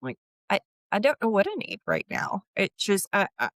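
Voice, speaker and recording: A woman, a guest talking candidly in an interview, earnest and full of restarts, with lively emphatic bursts. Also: mid-range voice, normal speed, no room sound. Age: 50s.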